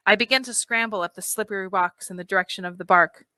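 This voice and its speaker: A woman narrating a novel in the first person, measured and expressive. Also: medium pitch. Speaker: audiobook reader.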